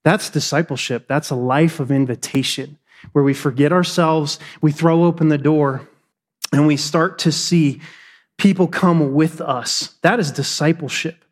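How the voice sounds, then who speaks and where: A man preaching a sermon to his church in an animated style, with sudden high shouts and quick conversational asides. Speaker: pastor.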